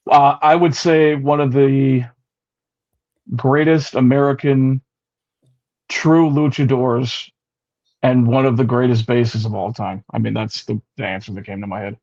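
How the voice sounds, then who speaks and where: A man's voice: mid-range voice, steady tone, slow pace, pauses often, darkish tone, no room sound. A man on a video call, answering interview questions in a laid-back, laughing way. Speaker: guest luchador. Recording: dull lo-fi video call audio.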